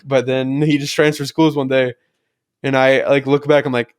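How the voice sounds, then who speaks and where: A man's voice: on the high side, quick pace, clean tone, no echo, clean studio sound. A young man co-hosting a podcast, telling rambling stories full of "like" and swearing freely. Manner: rambling storyteller, heavy filler "like", swears freely. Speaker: podcast co-host. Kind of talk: casual chat.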